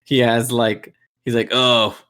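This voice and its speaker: A young man co-hosting a podcast in casual chat, animated, swearing a lot and laughing often. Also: mid-range voice, slow pace. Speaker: podcast co-host.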